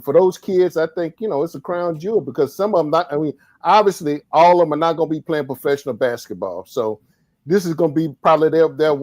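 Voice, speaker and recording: A man's voice: a little high, darkish tone, dry recording. Rambling man on a sports panel. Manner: rambling, restarts sentences, jokey. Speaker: podcast panelist. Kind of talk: casual sports talk.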